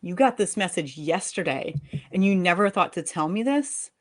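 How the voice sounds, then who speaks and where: A woman reading the part of a fed-up young wife and mother, sharp and sarcastic with her husband. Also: fairly low pitch, expressive, normal speed. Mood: scolding. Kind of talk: live fiction reading.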